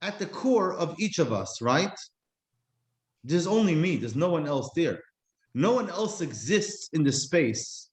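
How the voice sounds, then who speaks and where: A man teaching a class, reflective and slowing to stress key words. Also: fairly high pitch, sing-song, roomy sound. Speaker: Jewish teacher. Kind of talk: explanatory class talk.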